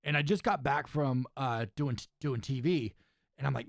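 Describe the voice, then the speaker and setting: A man's voice: medium pitch, normal speed, gravelly, no echo, clean studio sound. A young man, a podcast host who wrestles, telling a story in casual chat with lots of "right?" and "dude.". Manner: animated storyteller, says "right?" and "dude" often.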